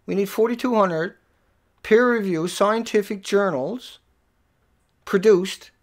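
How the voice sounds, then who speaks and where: A livestream host delivering an angry, profane rant at viewers, dropping to low muttering and then rising to yelling. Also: slow pace.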